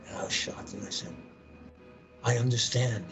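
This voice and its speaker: A man telling an intense personal story on a live podcast, acting out his own words and the words of others with sudden jumps in pitch. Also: normal speed, over music, rough recording. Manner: animated, acts out quoted voices with sudden pitch jumps.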